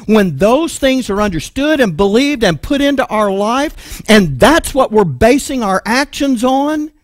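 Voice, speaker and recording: A man's voice: very high-pitched, lively intonation, unhurried, dry recording, studio quality. A man with a Texan accent preaching a sermon, emphatic and full of rhetorical questions. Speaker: pastor.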